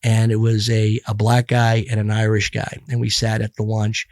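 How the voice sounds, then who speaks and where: A man's voice: lowish voice, monotone, normal speed, few pauses, darkish tone, no echo, clean studio sound. A middle-aged man talking bluntly and profanely as a podcast guest, rambling with many restarts. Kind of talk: casual podcast conversation.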